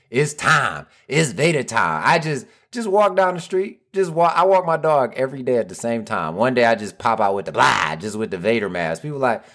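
A man's voice: fairly low pitch, fairly bright tone. A man hosting a wrestling podcast, talking casually and animatedly, joking as he goes. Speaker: podcast host. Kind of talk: solo podcast monologue.

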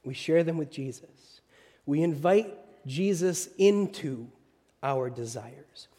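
A man preaching a sermon in a dramatic way, swinging from loud phrases to near whispers. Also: a little high, slow pace, big-room sound.

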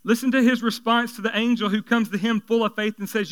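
A man preaches to his congregation in a high, resonant voice. His delivery is animated and conversational. He slips joking asides in between his points. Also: fast, clear, resonant tone. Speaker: pastor. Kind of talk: sermon.

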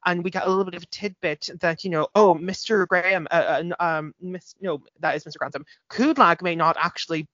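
Woman co-host, low-ish voice, chatty and sweary, dry close mic with slightly dull sound. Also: fairly quick, hardly any pauses, no room sound. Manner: chatty, animated, swears freely, many fillers. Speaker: podcast co-host. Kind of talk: casual chat reviewing a TV episode.

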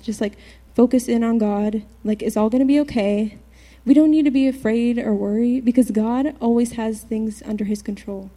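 A teenage girl giving an earnest church testimony, halting, with many fillers and restarts. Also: a little high, warm tone. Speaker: youth speaker giving a testimony. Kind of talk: personal testimony to a church group.

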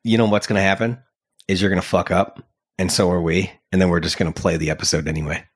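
A man hosting a podcast, chatting casually and teasing his co-host in an animated, joking way. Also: low voice, quick pace, slightly rough. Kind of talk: casual chat.

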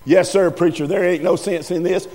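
A man's voice: high voice, fairly even intonation, normal speed, darkish tone. A man voicing an indignant, insistent middle-aged church busybody, in an echoey hall with faint music.

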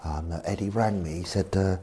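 A former football manager telling anecdotes in an animated way and acting out voices. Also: male voice, sits low, moderate pace, husky. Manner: animated, acts out voices in his stories. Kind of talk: anecdotal storytelling.

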